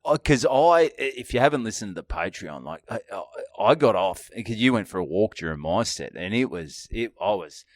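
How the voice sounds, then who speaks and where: A man's voice: on the low side, animated, normal speed, hardly any pauses, no echo. An Australian man co-hosting a podcast, teasing his friend with sweary, dry humor. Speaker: podcast co-host. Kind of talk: casual banter.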